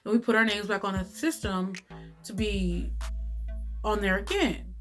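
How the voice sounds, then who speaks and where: A woman telling a story to camera in a casual vlog, animated and cursing freely, with lots of "like" and "right?". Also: mid-range voice, unhurried, faint music behind. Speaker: YouTube storyteller.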